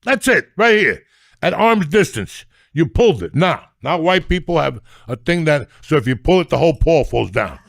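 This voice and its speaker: Middle-aged guy ranting and cursing through funny stories, raspy gravelly voice. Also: a little high, sing-song, normal speed, dry recording, studio quality. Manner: loud, ranting, foul-mouthed. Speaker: podcast guest. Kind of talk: profane comic storytelling.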